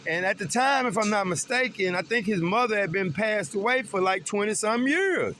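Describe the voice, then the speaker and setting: Man, high voice, bright tone, earnest, faint road hum. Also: animated, moderate pace. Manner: earnest, emphatic, swearing. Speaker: vlogger. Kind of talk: personal talk about grief.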